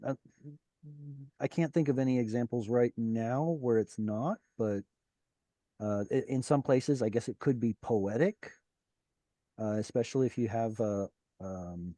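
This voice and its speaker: A man's voice: medium pitch, warm tone, no room sound. Man teaching on a video call. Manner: explanatory, halting with fillers and restarts. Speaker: Hebrew teacher. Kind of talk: online class teaching.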